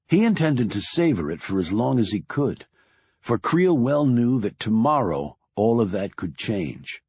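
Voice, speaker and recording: A man giving measured, deliberate scripted audiobook narration. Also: fairly low pitch, a little mellow, husky, no room sound, dull audio.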